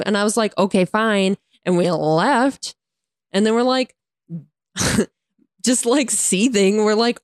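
A woman's voice: medium pitch, measured pace, dry recording, clean studio sound. A young woman telling a frustrating story in a casual storytime rant, exasperated, often breaking into laughter and swearing, with lots of "like". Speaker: vlogger.

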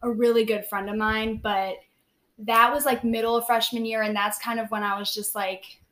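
A woman's voice: fairly high pitch, level tone, moderate pace, a bit bright. Chatty teenage girl telling a story. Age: teens. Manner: chatty, heavy use of "like", acts out quoted lines. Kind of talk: casual storytelling chat.

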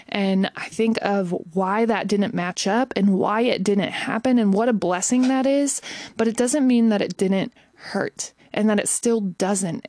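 A young adult woman telling a personal story in a candid, reflective monologue, sometimes dropping to a hushed whisper. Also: mid-range voice, no room sound. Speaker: vlogger.

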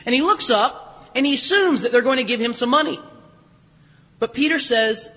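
A man's voice: extremely high pitch, normal speed, pushed and bright, breathy edge, in a large hall. A man preaching a sermon as pastor in a church, telling the story conversationally with humor and plenty of restarts. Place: church sanctuary.

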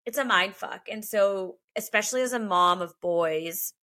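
A woman's voice: mid-range voice, moderate pace, pushed and bright. A woman in her thirties, a podcast co-host, chatting candidly and emotionally and swearing freely. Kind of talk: casual chat.

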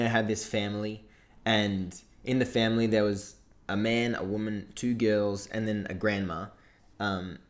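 Young Australian man telling stories. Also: lowish voice. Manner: animated, laughing storyteller with frequent restarts. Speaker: podcast co-host. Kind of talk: casual chat, storytelling.

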